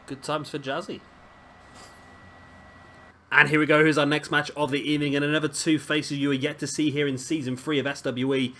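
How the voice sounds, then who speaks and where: A man's voice: on the high side, little pitch movement, brisk, long pauses, fairly bright tone, a little hiss or hum. A man giving casual, rambling commentary over a wrestling video game and often correcting himself. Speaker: gaming commentator.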